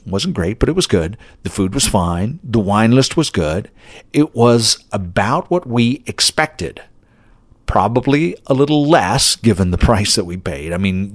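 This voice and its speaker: A middle-aged man with a light Texas accent talks through his own podcast alone, folksy and chatty with a self-deprecating streak. His voice sits low, and the recording is close and dry, with no room sound around it. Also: no echo. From North Dakota. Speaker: podcast host. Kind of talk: solo podcast monologue.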